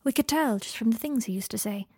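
Soft kind young woman, read by a woman, husky close voice. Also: on the high side, quick pace, dry recording. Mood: gentle. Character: gentle, perceptive young woman friend.

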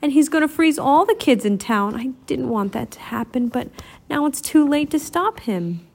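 A woman voicing an upset, defiant young boy in a storybook, sneering and shouting. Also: high voice, lively intonation, normal speed, pitched above the performer's own voice.

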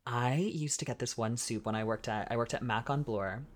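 A man's voice: mid-range voice, a little fast. Drag queen host, giggly, gushes over stories, remote call. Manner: gushing, giggly, storytelling. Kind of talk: casual chat. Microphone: remote call setup.

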